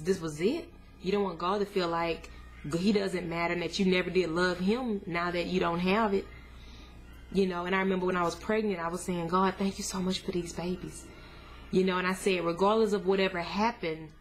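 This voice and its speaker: A young woman candidly telling her viewers a painful personal story, earnest and plain-spoken, her voice climbing high when she recalls her anger. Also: steady tone, a little fast. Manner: casual, addresses viewers as y'all. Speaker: vlogger sharing a family update. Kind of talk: emotional personal storytelling to camera.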